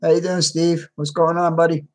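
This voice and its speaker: A livestream host with a slightly high, darkish voice speaks at a normal speed in a flat way. A little tired, he casually greets viewers by name, reads out their names, and answers the chat.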